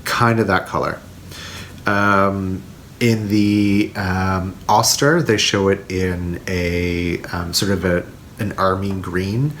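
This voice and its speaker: A man's voice: sits low, steady tone, slow, fairly bright tone, a little hiss or hum. A man hosting a knitting video podcast, chatting casually to camera and rambling with frequent fillers.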